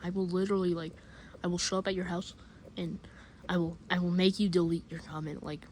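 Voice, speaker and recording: A performer voicing a bratty, loud male shark puppet, playing a game and bossing it around with comic commentary. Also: mid-range voice, little pitch movement, fairly quick, a little hiss or hum, lightly acted. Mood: sly. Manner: shouty, bossy, jumps between mutters and yells. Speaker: game player and channel host. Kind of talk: comic let's-play commentary.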